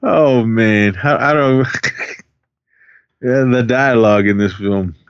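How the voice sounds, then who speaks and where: A man's voice: medium pitch, slow pace, clear, resonant tone, dry recording. Chatty, laughing podcast co-host man. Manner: rambling, laughs often, filler-heavy. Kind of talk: casual chat recapping a film. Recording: dry, dull lo-fi sound.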